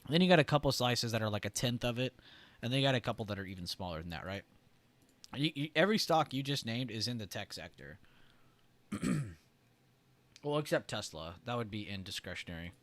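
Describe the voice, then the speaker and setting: A man hosting a trading livestream, talking loosely with lots of "like" and "right?", and clearing his irritated throat often. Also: mid-range voice, lively intonation, fairly quick, long pauses, a bit bright. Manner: loose and chatty, heavy on "like" and "right?". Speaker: trading stream host. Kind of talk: casual livestream explanation.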